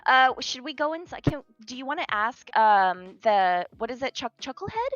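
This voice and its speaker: A woman's voice: high-pitched, very animated, moderate pace, fairly bright tone, dry recording, dull audio, faint music behind. A bubbly woman playing a tabletop game who laughs often. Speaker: player.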